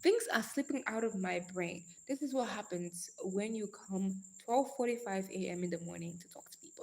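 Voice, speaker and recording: Young woman, live-stream host, energetic casual chat, affectionate pet names. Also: mid-range voice, moderate pace. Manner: energetic, calls viewers darling and girl.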